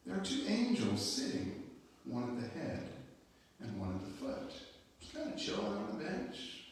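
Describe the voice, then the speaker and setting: A man's voice: a little high, huge pitch swings, moderate pace. Guy preaching in a church, chatty storytelling vibe, sounds far off the mic with lots of echo. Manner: conversational storytelling with casual asides. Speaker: pastor. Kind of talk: sermon. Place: church sanctuary. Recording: echoey church hall from far off.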